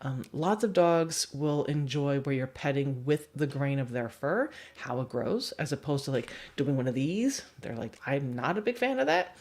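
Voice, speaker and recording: A woman's voice: a bass voice, expressive, moderate pace, hardly any pauses, darkish tone. A woman dog trainer giving a chatty livestream teaching talk and laughing often.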